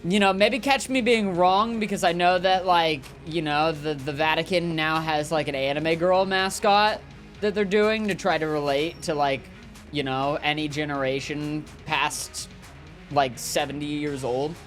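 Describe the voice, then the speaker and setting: A man talks loosely over his gameplay, riffing on whatever comes to mind. His delivery is jokey and wandering, full of little fillers and restarts. Quiet game music sits underneath. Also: on the high side, fairly even intonation, a little slow. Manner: rambling, jokey, lots of fillers. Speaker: gaming streamer. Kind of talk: casual gameplay commentary, reading chat.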